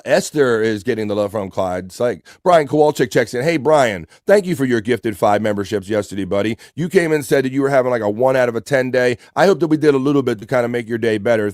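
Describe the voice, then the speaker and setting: A man's voice: mid-range voice, darkish tone, no echo, studio quality. Upbeat East Coast man hosting a livestream. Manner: upbeat, greets chatters by name. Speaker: livestream host. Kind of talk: casual livestream chat, reading chat messages aloud.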